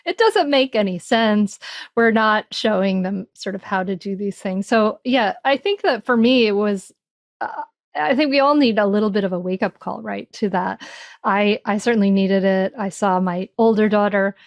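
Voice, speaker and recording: A reflective woman speaks as an interview guest about her own experience, circling back and restarting her thoughts with many "you know"s. Her voice sits at a middle pitch. The recording is dry and close, with almost no room sound. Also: normal speed, dry recording. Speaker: parenting author guest. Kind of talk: conversational interview answers.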